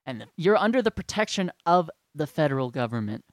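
A man's voice: on the high side, big pitch swings, fairly quick, no room sound. A man ranting to his followers in a sarcastic, profane and rambling way. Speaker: vlogger. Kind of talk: profane rant to camera.

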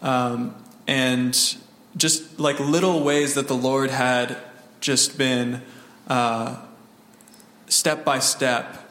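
A man's voice: medium pitch, fairly even intonation, a bit bright, echoey room, in a large hall. A man telling a casual testimony story from a mission trip, full of fillers and restarts. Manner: halting, lots of fillers and restarts, laughs often. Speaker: church member sharing a mission trip story. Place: church hall.

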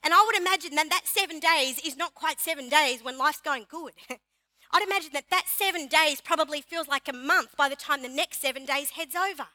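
A woman pastor preaching a sermon in an animated, emphatic way, repeating key phrases for her congregation. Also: high voice, a little fast, dry recording. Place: church.

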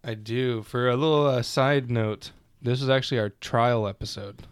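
A man's voice: mid-range voice, normal speed, smooth, no echo. A man in his twenties co-hosting a podcast, talking in a laid-back way and swearing casually. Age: 20s. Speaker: podcast co-host. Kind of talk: casual chat.

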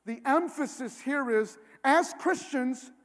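A man with a very high speaking voice preaches a sermon in an earnest tone, pressing his points until he is nearly shouting. His words ring out with a long reverb, as in a large church hall. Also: slow. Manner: earnest, builds to emphatic near-shouting. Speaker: pastor.

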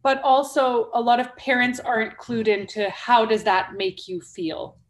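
A woman's voice: a little high, measured pace. A woman in her thirties hosting a casual podcast conversation, talking emphatically and firing off rhetorical questions. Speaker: podcast host.

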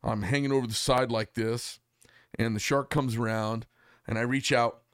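A man's voice: mid-range voice, fairly even intonation, normal speed, a bit bright, no echo, clean studio sound. Rambling male host from Arizona. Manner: rambling, filler-heavy storyteller. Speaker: podcast host. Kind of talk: casual storytelling chat. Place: studio.

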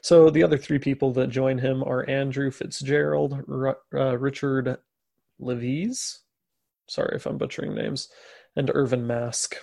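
Gravelly-voiced man telling a story. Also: mid-range voice, little pitch movement, unhurried, darkish tone, dry recording. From USA. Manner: jokey, sarcastic asides. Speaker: podcast co-host. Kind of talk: casual storytelling chat.

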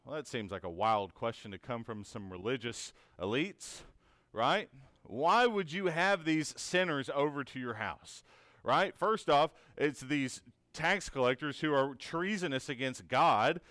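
A man's voice: mid-range voice, lively intonation, measured pace, sharp tone, no echo. A man teaching a conversational Bible lesson in an earnest, encouraging way, asking many rhetorical questions and often checking in with "right?".

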